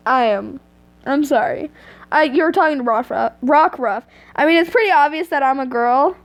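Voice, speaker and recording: Teen girl, high voice, reads fanfic aloud, giggly, chatty asides, earphone mic at home. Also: lively intonation, normal speed. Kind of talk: reading fanfiction aloud with commentary.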